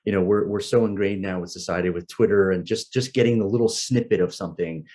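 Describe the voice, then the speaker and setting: A man with a very low, dark voice speaks eagerly over a video call. He restarts his sentences often and agrees readily with his host. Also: fast talker. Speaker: podcast guest. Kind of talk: interview conversation.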